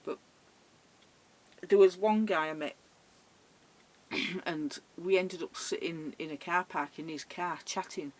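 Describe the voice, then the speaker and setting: This is a middle-aged woman with a husky, breathy tone. She tells stories in an easy, conversational vlog style and animates each anecdote as she retells it. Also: fairly low pitch, slow, long pauses, poor audio. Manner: chatty, animated retelling with laughs. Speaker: vlogger. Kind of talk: casual storytelling.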